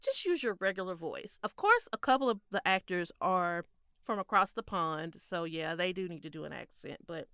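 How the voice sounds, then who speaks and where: A woman co-hosting a casual chat podcast, emphatic and quick to laugh. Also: fairly low pitch, clean tone, no echo, studio quality. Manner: animated, laughs often, emphatic. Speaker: podcast co-host.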